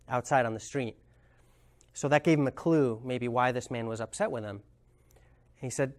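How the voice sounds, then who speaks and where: A man leading a communication workshop, explaining ideas thoughtfully and telling a story, often pausing to search for words. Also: medium pitch. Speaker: communication trainer.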